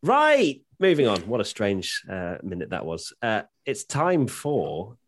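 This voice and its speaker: Lively low man hosting. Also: measured pace, a little hiss or hum. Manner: jokey, drives the segments. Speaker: podcast host. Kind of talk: casual chat.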